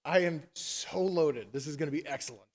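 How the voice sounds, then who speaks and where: A man's voice: a little high, brisk, a little mellow, lightly acted. A man voicing a greedy, callous king who talks in a brash, gloating way.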